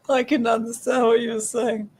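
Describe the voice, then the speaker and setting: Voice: mid-range voice, huge pitch swings, slow, husky. A friend on a call giving short, dry-humored replies in a casual chat.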